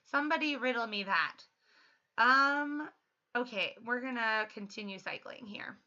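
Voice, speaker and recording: A thirty-year-old woman chatting casually while livestreaming a game, upbeat and quick to laugh. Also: fairly high pitch, sharp tone. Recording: slightly muffled lo-fi stream audio.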